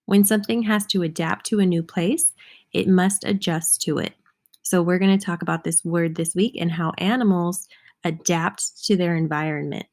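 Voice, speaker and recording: A young adult woman teacher giving a slow, clear lesson for young children, patiently spelling words out letter by letter. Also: lowish voice, steady tone, darkish tone.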